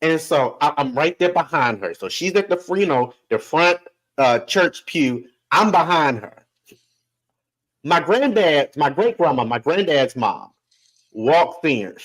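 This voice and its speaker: A man guests on a podcast and tells a family story with lots of laughter. His voice sits a bit high for a man. His pitch swings widely as he slips into other people's voices. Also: measured pace, rough recording. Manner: animated, laughs often, acts out voices. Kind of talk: casual storytelling.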